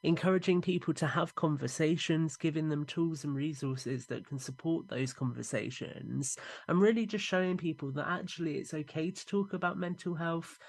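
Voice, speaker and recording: A man's voice: a little high, moderate pace, gravelly. A man who manages a charity, speaking in an earnest, encouraging way in an interview.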